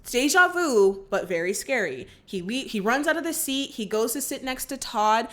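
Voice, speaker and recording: A woman casually retelling a film's plot for her channel, full of fillers and quick to scold the characters. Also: fairly high pitch, lively intonation, fairly bright tone. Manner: chatty, lots of fillers like "like" and "you know"; gets indignant and scolding at characters. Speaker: movie reaction vlogger. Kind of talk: casual movie recap.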